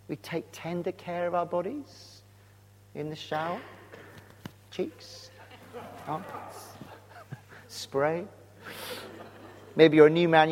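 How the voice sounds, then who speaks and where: Male preacher, slightly high voice, earnest, asks the flock pointed questions; long church-hall echo. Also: a little mellow. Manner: earnest, direct questions to the congregation. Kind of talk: sermon. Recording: long reverb of a large hall.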